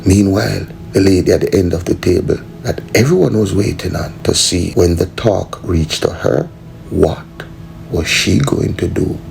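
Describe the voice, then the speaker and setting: A man's voice: sits low, normal speed, creaky, darkish tone, slight background noise, poor audio. A man telling a rambling comic story, full of "you know".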